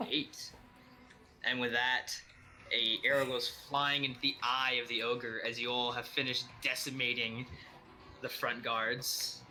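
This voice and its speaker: A man's voice: medium pitch, little pitch movement, measured pace, bright, forceful tone, soft background music. A man narrating a tabletop game as dungeon master, in a casual, loose way with fillers.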